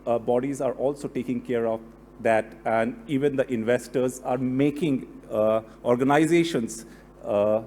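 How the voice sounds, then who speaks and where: A man gives a formal closing speech after a lecture, halting often on fillers. His voice is mellow and dark. A faint hum runs under it. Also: medium pitch. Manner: hesitant, many fillers. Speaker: deputy director giving closing remarks. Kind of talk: formal thank-you speech. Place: lecture hall.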